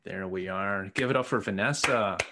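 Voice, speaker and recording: A man's voice: sits low, normal speed, background noise. A man hosting a podcast, casual and encouraging as he wraps up with his guests. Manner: upbeat, encouraging. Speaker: podcast host. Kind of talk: casual chat.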